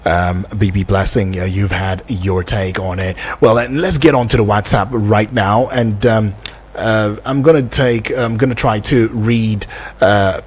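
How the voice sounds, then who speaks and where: Husky radio host. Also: male voice, on the low side, fairly even intonation, a little mellow. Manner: unhurried, with frequent um and uh fillers. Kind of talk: casual radio talk, reading listener messages. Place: radio studio.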